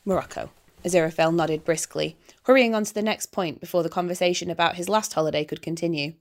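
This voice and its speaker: A woman reading a fan fiction story aloud as narrator, in a steady storytelling manner. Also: fairly low pitch, fast. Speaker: audiobook narrator. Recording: background hiss.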